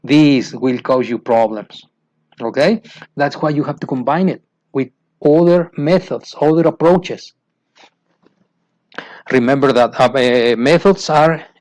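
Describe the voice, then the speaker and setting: Slow, halting man with Mexican Spanish accent. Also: a little high, darkish tone. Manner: halting, repeats and restarts phrases, asks rhetorical questions. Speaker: English teacher trainer. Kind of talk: lecture to teachers. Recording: dull lo-fi sound.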